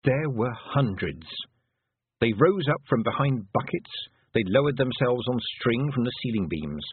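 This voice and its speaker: A man narrating a book in a measured storytelling voice. His husky tone moves through a lively pitch range. The sound is dry and band-limited, like it is coming through a phone. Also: no echo, phone-quality sound. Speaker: audiobook narrator. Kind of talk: scripted narration.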